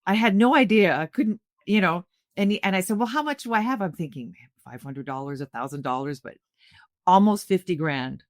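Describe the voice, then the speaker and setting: A middle-aged woman from Canada, a podcast guest telling a personal story in an earnest, animated way with frequent restarts. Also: on the low side, moderate pace, dry recording, studio quality. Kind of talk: conversational storytelling.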